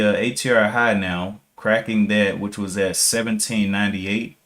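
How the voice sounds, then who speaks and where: Low-pitched guy streaming his day trades, musing out loud, reads chat, corrects himself a lot. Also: fairly even intonation, moderate pace. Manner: thinking aloud, musing and self-correcting, reading chat. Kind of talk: casual live-stream market commentary.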